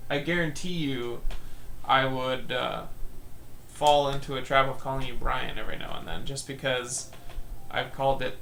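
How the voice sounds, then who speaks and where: A man's voice: medium pitch, vocal fry, pushed and bright, a little hiss or hum. A man in casual, rambling game stream chat, joking with his co-host as they play. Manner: chatty, rambling, quick to crack jokes.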